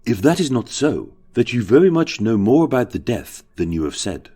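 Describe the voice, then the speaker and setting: A man's voice: mid-range voice, very animated, normal speed, mellow, slightly rough. A man voicing a bold male barrister pressing a witness in pointed, accusing cross-examination.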